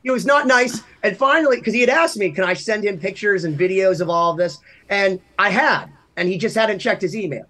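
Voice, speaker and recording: A man in his thirties co-hosts a casual podcast chat. His voice sits a little high, and he tells long stories animatedly, rising loud and dropping quiet as he goes. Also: brisk, hardly any pauses. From Massachusetts. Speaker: podcast co-host.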